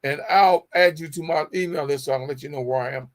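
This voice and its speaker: Gravelly-voiced man hosting a motivational show. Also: a little high, fast talker. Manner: preachy, repeats phrases, addresses audience as y'all. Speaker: show host. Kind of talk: motivational talk show sign-off.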